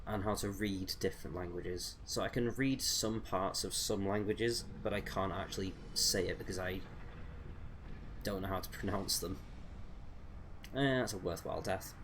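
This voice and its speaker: A man's voice: low-pitched, fairly bright tone, slight background noise. A young man chatting casually in a rambling way, with many fillers, while commentating his own gameplay. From United Kingdom. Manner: rambling, chatty, with frequent fillers and self-corrections. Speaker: gaming streamer. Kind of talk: casual let's-play commentary.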